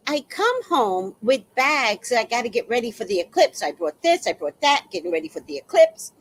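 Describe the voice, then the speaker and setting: A woman's voice: fairly high pitch, normal speed, rough recording. A woman telling a personal story in a casual monologue, acting out the exchanges she describes. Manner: animated, acts out quoted exchanges.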